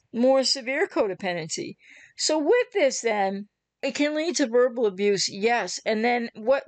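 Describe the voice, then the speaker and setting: A woman's voice: a little high, dry recording. A woman coaching on relationship recovery, talking emphatically to viewers and acting out the listener's reactions. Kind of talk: explanatory talk to viewers.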